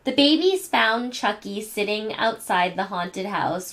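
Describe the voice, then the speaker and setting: A woman reading a bedtime story aloud to children in a gentle manner. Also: mid-range voice, lively intonation. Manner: gentle, slow reading to kids. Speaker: storybook reader.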